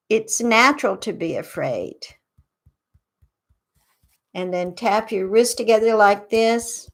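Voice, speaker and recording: Slow, soothing woman leading a meditation. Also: mid-range voice, a bit bright. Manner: slow, soothing guided instructions. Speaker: psychic advice host. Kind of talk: guided tapping meditation.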